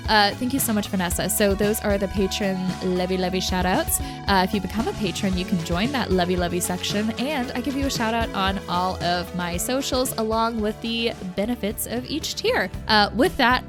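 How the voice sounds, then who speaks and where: A woman's voice: mid-range voice, moderate pace, hardly any pauses, over music. A woman hosting her own podcast, talking through her thoughts in a rambling, self-questioning way, bubbling over when she thanks listeners. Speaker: podcast host. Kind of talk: casual solo podcast monologue.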